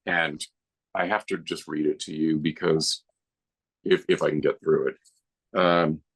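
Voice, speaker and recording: A man's voice: rumbling low, fairly even intonation, measured pace, a bit bright. A middle-aged man, a guest filmmaker on a podcast, reminiscing in an earnest, heartfelt way. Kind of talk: podcast interview.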